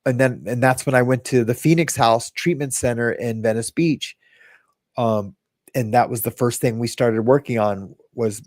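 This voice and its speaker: A man's voice: mid-range voice, no echo. Dry-voiced man telling his story. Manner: rambling, with frequent restarts and reenacted quotes. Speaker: podcast host sharing his recovery story. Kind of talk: casual storytelling.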